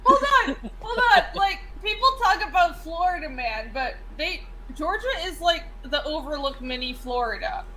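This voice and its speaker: A woman's voice: high voice, expressive, moderate pace, few pauses, bright, forceful tone, poor audio. A woman co-hosting a casual stream, chatting and rambling with lots of fillers. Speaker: co-host.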